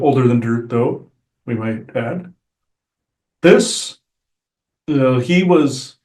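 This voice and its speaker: A calm, measured Sasquatch elder of the forest people, as a man channels him. He talks slowly and formally, weighing each phrase. The sound rings in a roomy space. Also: medium pitch, natural voice. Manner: slow, deliberate, formal delivery. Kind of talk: channeled spirit speech. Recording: roomy echo.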